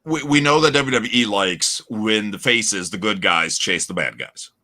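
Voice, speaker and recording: Bright-voiced man teasing his co-host. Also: fairly low pitch, unhurried. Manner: teasing, confident opinions. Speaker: podcast co-host. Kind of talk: casual chat.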